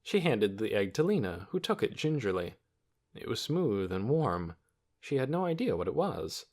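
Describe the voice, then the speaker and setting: Expressive male audiobook narrator. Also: fairly low pitch, normal speed. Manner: expressive storytelling. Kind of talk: scripted narration.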